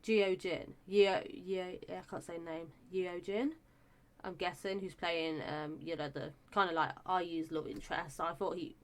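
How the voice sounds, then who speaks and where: Gushing woman, slightly low voice. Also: fairly even intonation, moderate pace. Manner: chatty and gushing, many fillers and restarts. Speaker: show reviewer. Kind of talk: casual review chat.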